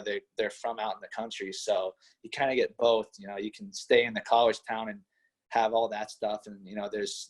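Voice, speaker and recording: A man's voice: fairly low pitch, darkish tone. Easygoing young man, Pittsburgh-Midwest accent. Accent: Pittsburgh mixed with Midwest. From western Pennsylvania. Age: young adult. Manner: easygoing, modest, filler-heavy with many "you know" and "like". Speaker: college wrestler guest. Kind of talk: casual interview chat.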